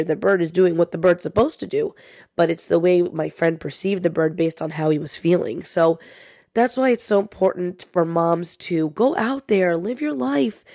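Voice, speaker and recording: A woman's voice: lowish voice, gravelly, darkish tone, dry recording, clean studio sound. A young woman hosting a podcast, talking casually and confidingly to listeners while she is sick. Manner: chatty, confiding, says "you guys" often. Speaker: podcast host.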